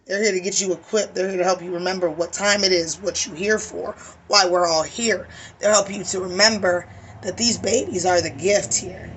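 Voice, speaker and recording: A woman's voice: fairly low pitch, fairly even intonation, moderate pace, slight background noise. A woman with a weary voice giving an emphatic, preachy spiritual tarot reading, swearing casually. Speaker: tarot reader.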